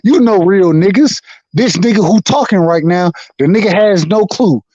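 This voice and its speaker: A man's voice: high-pitched, moderate pace, mellow, no room sound. Angry blunt man, muffled dry line. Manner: blunt, angry, insists on boxing talk. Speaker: boxing talk panelist. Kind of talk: heated trash-talk banter.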